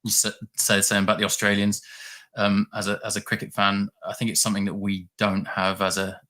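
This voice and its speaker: A man speaking as a guest pundit in a casual chat over a video call. His voice is lowish, and he halts and repeats words as he works out his point. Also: completely flat delivery, pushed and bright. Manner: halting, repeats words as he thinks.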